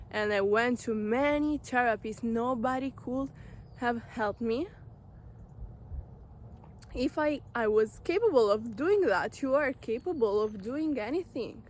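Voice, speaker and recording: Woman, high voice, unhurried; earnest self-help vlogger talking straight to camera. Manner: earnest, direct, repeats phrases for emphasis. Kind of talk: motivational talk to camera.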